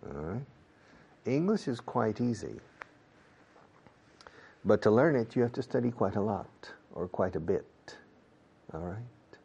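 A man's voice: lowish voice, gravelly, mellow, slightly rough. A man teaching English, explaining in Spanish and repeating example sentences. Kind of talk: bilingual English lesson.

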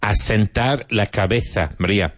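This dry recording captures a male English teacher, deep and low-voiced, running a vocabulary drill in class. He's brisk and upbeat, heard up close with no room sound.

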